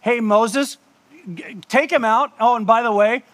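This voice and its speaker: A man's voice: very high-pitched, unhurried, a bit bright. A man doing a casual, offhand God. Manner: offhand, chatty instructions. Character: God as a casual, matter-of-fact male divine voice.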